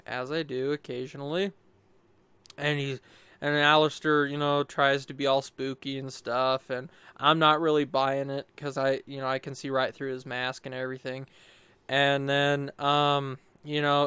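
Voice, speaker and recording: A man's voice: a little high, a bit bright, smooth, no room sound. A young man casually recapping his gameplay in a rambling, upbeat way, full of fillers and quoted asides. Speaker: gaming YouTuber.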